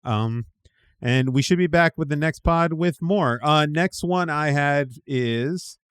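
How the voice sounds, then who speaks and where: A man's voice: on the high side, takes it slowly, smooth, no echo, studio quality. A man hosting a casual gaming podcast, talking loosely with lots of fillers. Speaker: podcast host.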